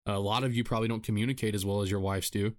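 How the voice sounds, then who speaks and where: Lower-voiced man hosting a solo podcast. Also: steady tone, racing. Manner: earnest, repetitive, self-deprecating. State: tired after a rough week. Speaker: podcast host. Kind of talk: solo podcast advice monologue.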